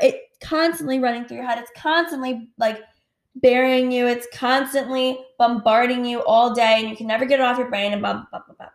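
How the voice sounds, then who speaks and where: A woman hosts a casual solo podcast at home at night, speaking candidly, swearing freely and saying "like" constantly. Her voice is on the high side, brisk and fairly even in intonation. The recording has a roomy echo.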